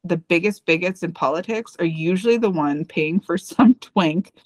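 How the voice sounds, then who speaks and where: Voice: medium pitch, moderate pace. A podcast co-host who reads a personal essay aloud and then chats casually, candid and profane, with rambling asides.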